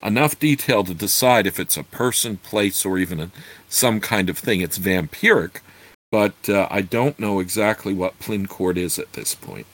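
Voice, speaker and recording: A man's voice: sits low, moderate pace. A man reading a fantasy novel aloud and breaking off for hesitant commentary with many fillers. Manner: hesitant asides full of fillers, formal reading voice. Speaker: reader and commentator.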